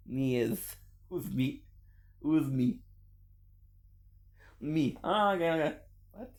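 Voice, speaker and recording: A man's voice: medium pitch, darkish tone. A young adult man chatting casually on a gaming stream, rambling and playful, laughing often.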